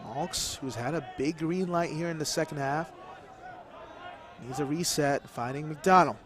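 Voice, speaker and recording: A man's voice: fairly high pitch, unhurried, crowd noise, background noise. A man calling play-by-play sports commentary in short bursts that rise with the scoring plays. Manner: calls the action in short bursts, rising with scores.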